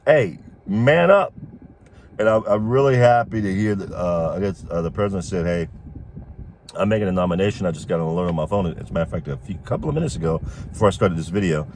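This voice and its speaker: A man's voice: deep voice, fast talker, a little mellow, slight background noise. A man giving casual political commentary in an opinionated way, chuckling often as he talks.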